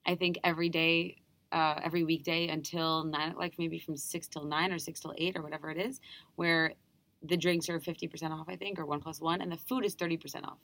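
A woman's voice: deep voice, steady tone, a bit bright, no room sound. A young woman from New York with an American accent, chatting enthusiastically as a guest performer in an interview. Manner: chatty, enthusiastic, quick restarts. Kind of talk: casual interview chat.

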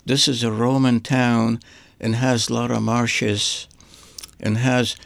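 Older male artist, gravelly and monotone, halting storyteller. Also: mid-range voice, no echo. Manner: halting, repeats words while searching for them. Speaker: artist guest. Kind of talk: rambling personal reminiscence.

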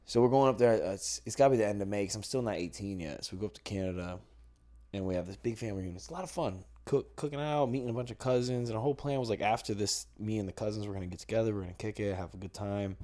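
A man's voice: on the low side, very fast, dark tone. A man telling a personal story in casual podcast chat, blunt and profane, with lots of restarts.

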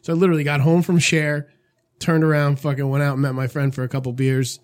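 A man's voice: on the high side, fast talker. A man telling rambling, profane stories in casual chat, acting out what his friends said. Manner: profane, animated anecdotes with quoted voices.

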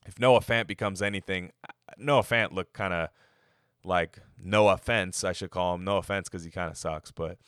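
A man with a low, clear, resonant voice and a fairly bright tone speaks at a moderate pace with fairly even intonation. As an NFL mock draft podcaster, he rambles through loose, profane, opinionated football draft takes in casual sports talk. The recording is dry, with clean studio sound.

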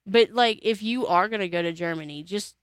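A woman's voice: medium pitch, a little fast, no room sound. An American woman chatting casually, telling stories with lots of fillers. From United States. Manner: chatty, animated storytelling with many fillers. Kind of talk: casual chat.

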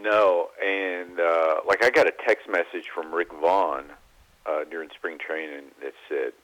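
A man guest on a sports radio talk show, telling animated baseball anecdotes and mimicking the people in them. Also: sits low, unhurried. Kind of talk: phone-in radio interview, storytelling. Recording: phone line.

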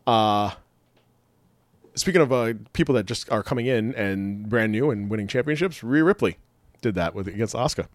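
A man co-hosting a casual chat show, rambling, excitable and laughing often. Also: on the low side, moderate pace, no room sound. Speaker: podcast co-host.

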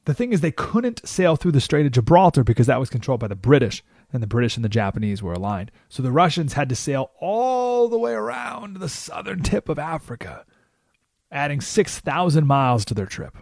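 A man hosting a political talk radio show, telling a story in an animated way and often asking "right?" into a studio microphone. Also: fairly high pitch, brisk, creaky, no room sound.

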